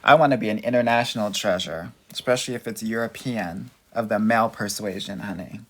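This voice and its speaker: A lowish male voice, a little fast, belongs to an American dating coach running a live Q&A. He sassily reads out viewer comments with flamboyant energy, peppering in honey and girl.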